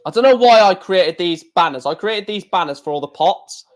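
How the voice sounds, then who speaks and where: A man hosting a casual live stream, talking in an excitable, rambling way with many restarts. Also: high voice, fairly quick.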